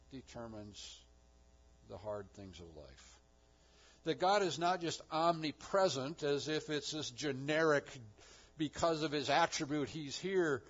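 Here a pastor gives an emphatic sermon, climbing to loud proclamations before dropping into hushed, low passages. The sound quality is lo-fi.

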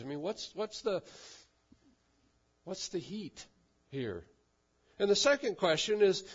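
A pastor giving a sermon, talking conversationally and asking his congregation questions. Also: fairly high pitch. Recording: dull lo-fi sound.

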